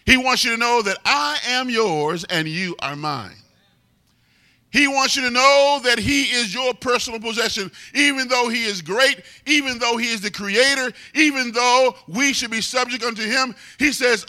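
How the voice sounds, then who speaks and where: Male preacher, high-pitched and piercing, emphatic sermon delivery. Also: sharp tone. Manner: emphatic, drawn-out repetition of key words.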